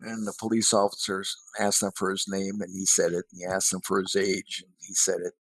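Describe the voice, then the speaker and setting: A man's voice: deep voice, monotone, brisk, slightly rough, no room sound, rough recording. An older man who is a guest columnist, chatting casually and telling a joke at an easygoing pace. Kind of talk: casual chat.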